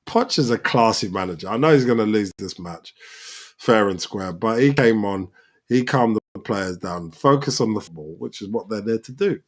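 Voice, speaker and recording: A man with a lowish voice hosts a live football reaction, talking at a normal speed over the match. He's excitable and shouts at the players on screen, calling them out as the game unfolds.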